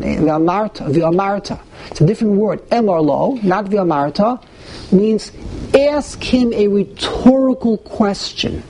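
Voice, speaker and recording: Guy teaching a text class, lively, throws in hebrew and yiddish words, voice jumps way up to stress stuff. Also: a little hiss or hum, rough recording. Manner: animated, pitch leaps when stressing points; mixes Hebrew and Yiddish terms into English. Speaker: Torah teacher. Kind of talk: text-study class lecture.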